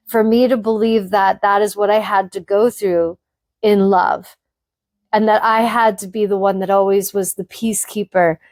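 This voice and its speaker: A woman's voice: medium pitch, no echo, studio quality. A woman hosting a spiritual podcast, speaking frankly to her listeners in an emphatic, blunt monologue that swears freely.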